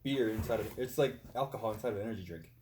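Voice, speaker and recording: A man's voice: on the low side, racing, a little mellow, slight background noise. A young man in casual chat, laid-back and slangy. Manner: laid-back, calls people "dude".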